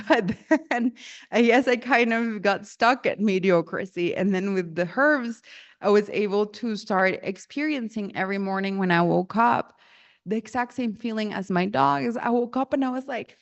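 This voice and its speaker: A woman's voice: mid-range voice, normal speed, muffled recording. A young adult woman telling a personal story in casual talk, acting out quotes and laughing often. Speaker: storyteller sharing personal experience.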